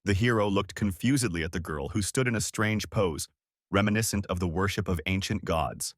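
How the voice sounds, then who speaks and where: A man reading scripted narration as he recaps a comic story, in a steady storytelling manner. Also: low-pitched, fairly quick, dry recording, clean studio sound.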